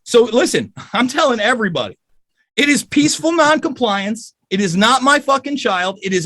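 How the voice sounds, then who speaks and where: A man's voice: very high voice, expressive, normal speed, bright, forceful tone. Angry, profane man ranting. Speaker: podcast guest. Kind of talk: heated podcast rant.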